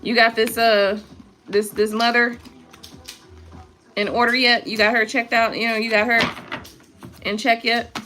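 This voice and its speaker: A young female tarot reader gives a casual live reading, chatty, laughing often, swearing and reading viewer comments aloud. Her slightly high voice is sharp yet level, at a measured pace with frequent pauses, over slight background noise.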